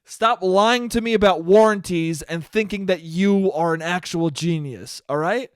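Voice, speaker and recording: A man hosting a solo podcast, ranting in a profane, exasperated way with sudden loud spikes. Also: sits high, unhurried, clean tone, dry recording, studio quality. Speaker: podcast host.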